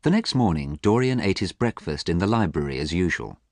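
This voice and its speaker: A man reading a story aloud for English learners in a clear, measured, expressive way, recorded close and dry. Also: low-pitched, dry recording. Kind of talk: scripted narration.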